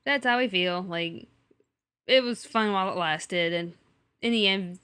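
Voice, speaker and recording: A woman's voice: mid-range voice, a little slow, fairly bright tone, clear, resonant tone, dry recording. A young woman co-hosting a casual podcast chat, laid-back and sleepy, joking with friends. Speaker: podcast co-host.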